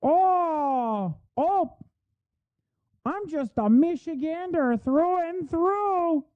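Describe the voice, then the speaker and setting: A man putting on a mocking, exaggerated folksy Midwestern woman with a high, shrill caricature voice. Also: lively intonation, extremely slow, no echo, exaggerated voice. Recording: phone-like thin audio, dry.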